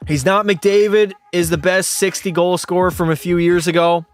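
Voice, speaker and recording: A man's voice: sits high, steady tone, normal speed, faint music behind. A young man streaming a game, tipsy from beer, who swears freely and argues back at his chat. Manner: profane, argumentative, talks back to chat. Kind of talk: casual live-stream chat.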